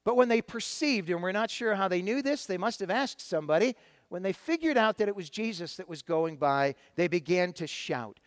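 A man's voice: high-pitched, lively intonation, fairly quick, dry recording. A man preaching a sermon to his congregation, retelling a Bible story in a conversational way with frequent fillers and restarts. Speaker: pastor.

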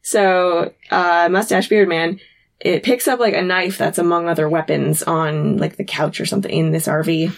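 A woman's voice: on the low side, vocal fry. Woman, podcast co-host, chatty recap storyteller. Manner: animated storytelling, quick to laugh. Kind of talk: casual recap chat.

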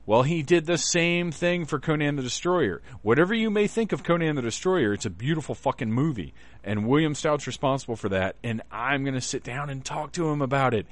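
A man hosting a podcast, talking in an excited, profane and rambling way, often restarting his sentences. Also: medium pitch, brisk, hardly any pauses, no echo. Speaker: podcast host. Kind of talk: casual podcast announcements.

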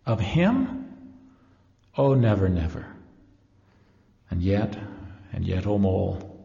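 A man voicing an awed, loving male water rat who speaks in a hushed, awestruck way. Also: low voice, big pitch swings, slow pace, vocal fry, exaggerated voice. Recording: echoey hall, dull lo-fi.

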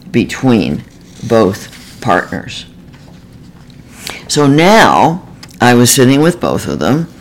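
A man, a therapist, reading a self-help book in a measured, earnest and gentle way. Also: mid-range voice, rough recording. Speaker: therapist author. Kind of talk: scripted self-help narration.

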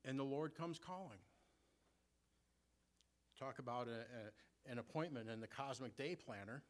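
Guy preaching a sermon, normal mid voice, asks the room rhetorical questions, reads verses slow. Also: medium pitch. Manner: reads scripture and hymn lines slowly and deliberately.

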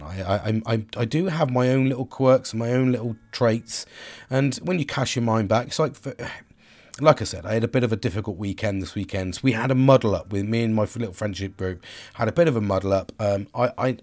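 A man speaks in an open, rambling way, full of restarts, and swears freely. His pitch sits in an ordinary middle range for a man. He sounds like a casual, unscripted personal monologue. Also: brisk, darkish tone. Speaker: vlogger.

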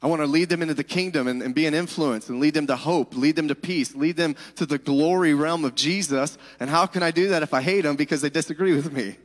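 A man's voice: fairly high pitch, fast, hardly any pauses. Man preaching in a reverberant hall. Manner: conversational preaching with asides to the congregation. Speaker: pastor. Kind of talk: sermon.

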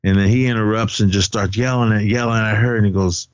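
Fast and steady in tone, a man with a lowish, clean voice co-hosts a podcast, loosely recapping a movie's scenes and performing its lines. The audio is dull but has no echo.

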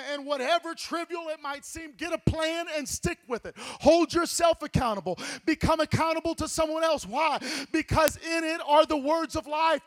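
Pastor guy preaching hard, really high voice, gets loud and shouty, stumbles over repeated words. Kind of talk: sermon.

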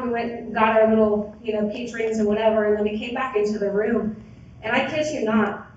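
A woman's voice: on the high side, slight background noise. Woman sharing her story in an echoey hall. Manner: casual, rambling, many "like" and "you know" fillers. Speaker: speaker sharing at a recovery meeting, a sponsor. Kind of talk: personal recovery testimony. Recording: very echoey hall, voice from far off, dull sound.

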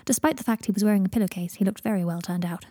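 A woman narrating a fan fiction audiobook in an even, measured reading. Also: medium pitch, dry recording, studio quality. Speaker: audiobook reader.

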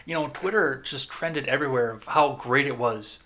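A man's voice: mid-range voice, moderate pace, pushed and bright. A man hosting a podcast, giving sarcastic, rambling political commentary. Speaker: podcast host.

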